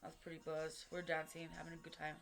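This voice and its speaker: A woman's voice: deep voice, monotone, fast, a bit bright, faint music behind. A woman telling a personal story to camera, blunt and profane, in street slang with lots of fillers. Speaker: vlogger.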